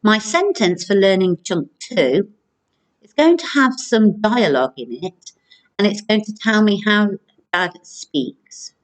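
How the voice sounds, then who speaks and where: A woman primary school teacher giving a recorded video lesson, speaking clearly and encouragingly to children. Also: mid-range voice, animated. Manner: slow, clear, encouraging classroom delivery.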